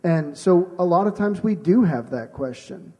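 A man's voice: high voice, expressive, moderate pace, warm tone, slightly rough. A man framing a question for discussion, rephrasing it in a thoughtful, conversational way. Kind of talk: conversational preaching.

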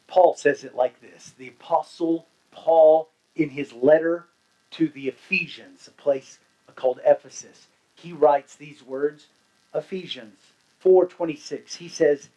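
A man preaching a sermon as pastor, swinging between hushed lines and loud ones and asking the congregation questions. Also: high-pitched, expressive, unhurried, poor audio.

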